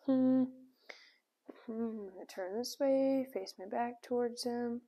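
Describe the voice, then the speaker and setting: Woman dog trainer, calm explaining. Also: on the high side. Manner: explains calmly between bright calls of a dog's name and quick praise. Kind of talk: casual training demo. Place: indoors at home.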